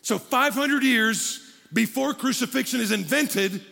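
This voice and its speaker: A man preaching a sermon to a congregation, animated and joking with the crowd. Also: very high voice, unhurried, creaky. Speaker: pastor. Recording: long hall reverb from a large room.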